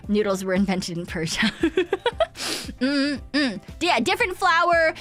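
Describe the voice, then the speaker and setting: A woman's voice: high-pitched, sing-song, slow, fairly bright tone, soft background music. A young woman from Canada, streaming a game and chatting casually, rambling and swearing freely as she tells a story with giggles. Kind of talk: casual chat while gaming.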